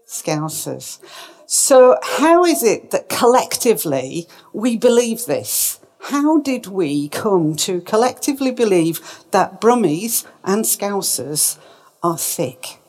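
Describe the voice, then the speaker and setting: A woman giving a presentation talk, emphatic and lively, putting questions to her audience. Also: fairly high pitch, takes it slowly. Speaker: speaker.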